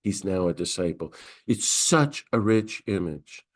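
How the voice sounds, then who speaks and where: Middle-aged man, priest teaching scripture, animated, acts out quoted lines, conversational. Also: sits low, unhurried. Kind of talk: lecture on scripture.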